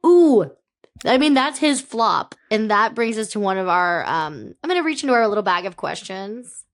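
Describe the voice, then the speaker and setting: A woman co-hosting a comedy podcast, playful and quick to joke and laugh. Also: medium pitch, animated. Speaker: podcast co-host. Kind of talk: casual comedy chat.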